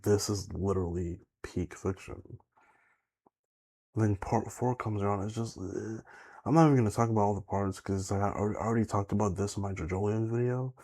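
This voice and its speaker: A man's voice: lowish voice, mellow, slightly rough. A young man chatting casually to camera as a YouTuber, rambling with lots of filler words and swearing. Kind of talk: casual rambling vlog chat.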